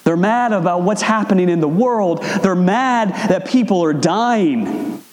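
High-voiced man preaching in an echoey hall. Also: expressive, unhurried, darkish tone. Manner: conversational, acting out quotes with wide pitch swings. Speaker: pastor. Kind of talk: sermon. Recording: echoey hall with long reverb.

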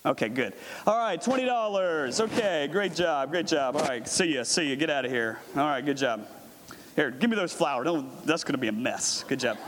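This pastor's sermon turns into a role-play, as he summons volunteers and dramatically portrays a merchant. His fairly high, animated, slightly bright voice keeps a moderate pace, and the echoey, long-reverb hall recording has a little hiss or hum.

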